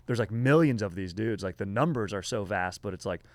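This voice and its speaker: On a podcast, a man rambles through a history story, full of slang and fillers, calling people "dude" and "bro." His voice is lowish, animated, and brisk, and the recording is dry.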